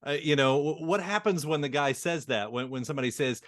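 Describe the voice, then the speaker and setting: A man's voice: medium pitch, fairly quick, few pauses, fairly bright tone, dry recording, studio quality. A man hosting an interview, asking long, rambling questions full of restarts. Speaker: podcast interviewer.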